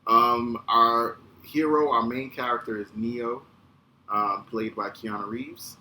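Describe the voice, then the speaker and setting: A man in his thirties hosting a podcast, telling a casual, animated, profane story. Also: mid-range voice, slow. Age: 30s. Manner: animated, profane, acts out quotes. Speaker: podcast host. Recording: echoey room with faint ambient noise.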